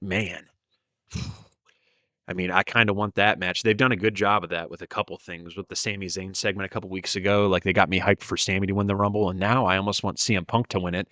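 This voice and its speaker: Low-voiced man rambling through a review. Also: fairly bright tone, no echo. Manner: rambling retelling with many fillers. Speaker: wrestling show reviewer. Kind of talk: casual video review.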